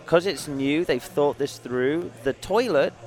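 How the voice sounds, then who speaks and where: A man's voice: on the high side, a little slow, faint music behind. A man with an English accent, a touring band musician, chatting as a guest and telling crude, joking road stories. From England. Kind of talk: casual chat.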